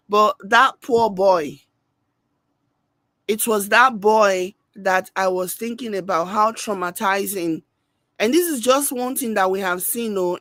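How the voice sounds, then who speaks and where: Slow-talking woman reacting. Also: medium pitch, dry recording. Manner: animated, mimics people she discusses. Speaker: reaction video host. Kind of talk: reaction commentary.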